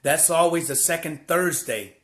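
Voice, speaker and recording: A man sharing a personal testimony in a vlog, an animated, preacherly storyteller who repeats phrases for emphasis. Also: a little high, a little slow. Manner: preacherly, heartfelt. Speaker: church volunteer sharing his story.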